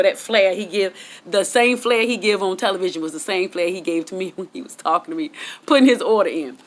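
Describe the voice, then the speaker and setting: A middle-aged woman spinning a casual storytime for her viewers, chatting straight at them in loose vernacular speech. Her delivery is animated and excitable, and her pitch leaps way up whenever she hits a punchline. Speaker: storytelling vlogger. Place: at home, outdoors.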